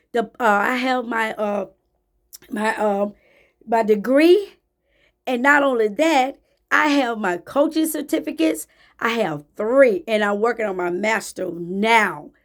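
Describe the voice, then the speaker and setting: A woman giving a faith-based motivational talk to camera, emphatic and preachy, repeating phrases for emphasis. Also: a little high. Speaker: motivational speaker.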